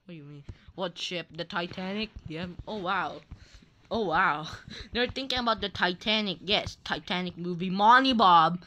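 A woman's voice: on the low side, moderate pace, pushed and bright. A young woman giving playful, teasing commentary while playing an online game, laughing often. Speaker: gaming channel host. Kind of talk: Roblox gameplay commentary.

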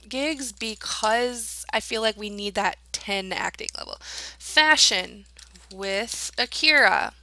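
A woman's voice: a little high, pushed and bright. A young woman giving casual, chatty commentary as she plays a life-sim game, talking to her characters and giggling often. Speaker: let's play gamer.

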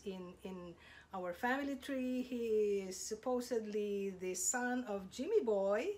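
A woman hosting her channel's reveal compilation, gushing and thanking each contributor. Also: mid-range voice. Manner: gushing, slow, lots of thanks. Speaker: channel host. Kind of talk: casual video presentation.

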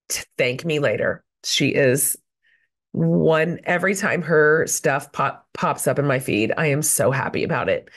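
A woman hosting a podcast, under the weather and a little crackly, talking in an effusive, gushing way. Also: low-pitched. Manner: effusive and warm, with many fillers. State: sick and slightly hoarse. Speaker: podcast host. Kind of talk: casual interview chat.

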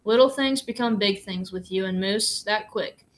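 A woman voicing a gentle father who speaks softly and haltingly in a storybook reading. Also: medium pitch, lightly acted. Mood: tender. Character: gentle, quietly emotional father.

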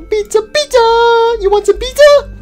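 A shrill, pizza-crazed robot hen, as a man puts her on in a game-based cartoon, squeaking far above a normal voice. She yelps one word over and over in bursts. Her pitch swoops wildly. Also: very animated, unhurried, a little mellow, soft background music, heavily acted. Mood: manic. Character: shrieking pizza-obsessed female robot chicken.

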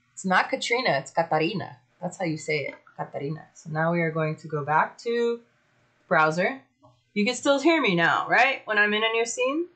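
A woman hosting a casual livestream, chatty and excitable, swearing freely as she talks. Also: mid-range voice. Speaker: livestream host.

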